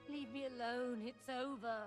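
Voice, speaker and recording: A woman's voice: on the high side, fairly even intonation, normal speed, natural voice. An actress playing an exasperated young mother in a video game, speaking earnestly and emotionally. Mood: dismayed. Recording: game audio over music.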